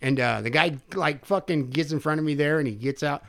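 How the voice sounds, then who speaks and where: An older man casually telling a profane, animated story on a podcast, acting out the quotes. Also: on the high side, fairly quick, gravelly.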